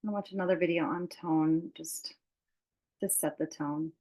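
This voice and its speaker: A woman presenting a webinar on a video call, relaxed and filling pauses with "okay". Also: deep voice.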